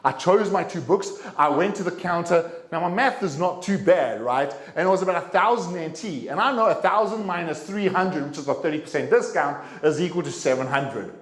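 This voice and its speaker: A middle-aged man tells a personal story as a prepared speech. His voice sits somewhat high and leaps around as he acts out each exchange. The sound carries the echo of a meeting room. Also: a little fast, hardly any pauses. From English-speaking country, living in Taiwan. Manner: animated storyteller, acts out quotes with sharp jumps in pitch. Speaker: club speaker.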